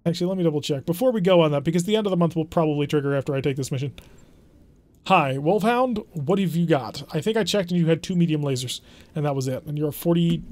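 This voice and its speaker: A man's voice: a little high, a little mellow. A man hosting a game let's play, commenting in a wry, chatty, self-deprecating way as he plays. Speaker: gaming channel host.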